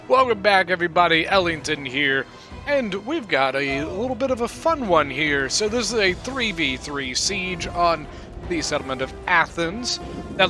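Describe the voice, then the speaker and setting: A man giving casual, rambling commentary on a strategy game replay, correcting himself as he goes. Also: fairly high pitch. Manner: rambling, self-correcting, chatty. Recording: clear background music.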